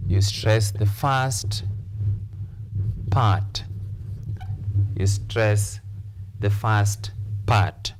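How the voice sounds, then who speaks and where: A man's voice: lowish voice, drawn-out words, long pauses, noisy background. A man teaching English on a TV lesson, repeating key phrases and counting syllables aloud. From Kenya. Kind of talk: TV lesson, slow repetitive explanation. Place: TV classroom studio.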